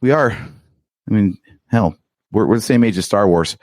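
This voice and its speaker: A man in his late forties co-hosts a podcast and reminisces in a relaxed, rambling way. His voice sits fairly low. The recording is dry and close, with no room echo. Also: moderate pace. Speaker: podcast co-host. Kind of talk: casual chat.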